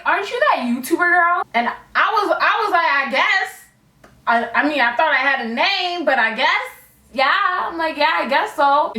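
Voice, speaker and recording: A young woman telling a storytime to her viewers in a casual, animated way, acting out the people in it. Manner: animated, acts out voices with big pitch jumps. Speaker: beauty vlogger. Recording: echoey room, a bit far from mic.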